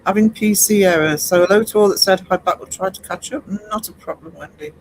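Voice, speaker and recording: A man's voice: sits high, brisk, a little hiss or hum, poor audio. A man hosting a live stream, rambling chattily and greeting viewers in chat by name. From United Kingdom. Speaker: livestream host.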